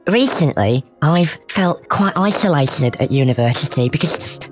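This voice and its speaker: Young woman as a deadpan mopey student, low voice, mournful, awkward, comedy sketch. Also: unhurried, over music. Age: young adult. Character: mopey, self-pitying female university student.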